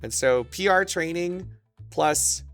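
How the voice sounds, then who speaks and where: Male streamer, gravelly and bright, a touch high, crude and rambling with excitable bursts, faint music behind. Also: slow. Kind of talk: casual stream chat.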